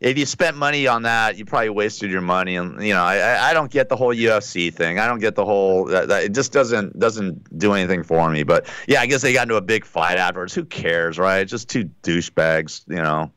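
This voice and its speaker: A man's voice: lowish voice, a little fast, hardly any pauses, a bit bright, clear, resonant tone, dry recording. A man co-hosting a casual talk radio show, rambling and hesitating often as he talks. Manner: rambling, hesitant, many "uh"s and restarts. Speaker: radio co-host.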